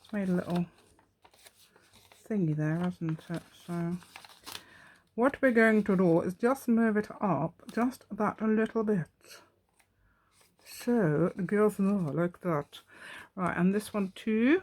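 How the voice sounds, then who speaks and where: Taking it slowly in a mid-range, slightly mellow voice, a woman runs a casual craft tutorial on her channel. She chats and rambles, talking to herself and thinking aloud as she works.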